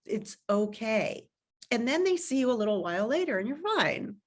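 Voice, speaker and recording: A middle-aged woman speaks on a video call with a fairly high voice, offering parenting advice in an earnest, conversational way. Now and then she slips into acting out the words a parent might say to a child. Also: big pitch swings, fast. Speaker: parenting author and coach.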